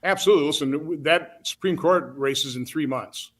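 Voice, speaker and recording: Halting older Midwestern man, guest senator. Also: a little high, fairly bright tone. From Wisconsin. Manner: plain-spoken, halting, many restarts and fillers. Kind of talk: interview.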